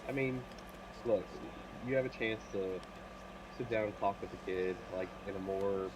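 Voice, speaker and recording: A man's voice: fairly low pitch, moderate pace, noisy background. Man with a stuffy nasal voice. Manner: rambling, thinks aloud with fillers. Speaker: podcast co-host. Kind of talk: casual mock draft chat.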